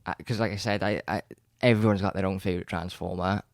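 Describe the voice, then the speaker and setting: Low-voiced male co-host, excited rambling chat, close and dry. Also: fast talker, creaky, dry recording. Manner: rambling, enthusiastic, frequent restarts and stammers. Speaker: podcast co-host. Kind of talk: casual chat about films.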